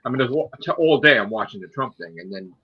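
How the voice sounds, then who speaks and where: A man's voice: medium pitch, expressive, fast talker, breathy edge, highs cut off. An American man ranting in a casual chat, swearing a lot. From United States.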